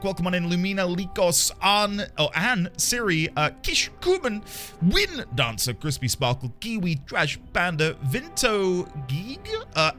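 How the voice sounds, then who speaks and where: Lively bright-voiced male streamer. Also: fairly high pitch. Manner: chatty, greets viewers by name, playful mock outrage. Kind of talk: live-stream chat with viewers.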